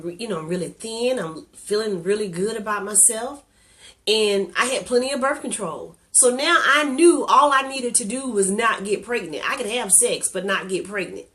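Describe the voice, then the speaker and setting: A woman's voice: mid-range voice, a bit bright. A woman sharing a personal testimony in candid, conversational storytelling, earnest and openly emotional.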